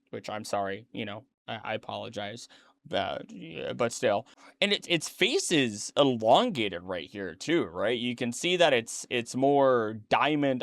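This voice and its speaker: A man's voice: medium pitch, a bit bright, no echo. Brief: tired man, casual rambling reaction commentary, close dry mic, mid-range voice. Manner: rambling, self-correcting, chatty asides. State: tired, yawning late at night. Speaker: streamer reacting to a documentary.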